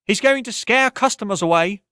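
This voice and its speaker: A man voicing an impatient tavern woman with a clear, ringing voice, in an audiobook. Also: sits high, lively intonation, fairly quick, sharp tone, no echo, clean studio sound, voice pushed up. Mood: brusque.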